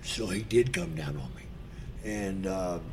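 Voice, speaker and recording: A man's voice: deep voice, steady tone, slow, noisy background. An older man, a podcast guest, telling profane stories in a drawl and acting out the voices of the people in them. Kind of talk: casual storytelling.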